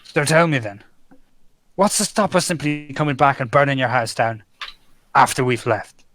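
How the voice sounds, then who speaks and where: A man's voice: medium pitch, expressive, moderate pace, fairly bright tone, slight background noise. A man playing in a tabletop game, arguing his character's case in a pointed, argumentative way. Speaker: player. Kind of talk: in-character tabletop role-play.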